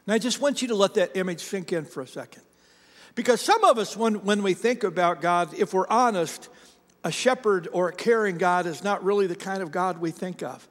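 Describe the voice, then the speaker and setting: High-voiced pastor preaching in a reverberant hall. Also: male voice, a little fast, fairly bright tone. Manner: conversational storytelling with many restarts. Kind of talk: sermon.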